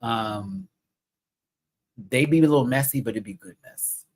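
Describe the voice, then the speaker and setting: A young man chatting casually on a live stream review, excitable and swearing often. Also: medium pitch, measured pace, low-quality recording.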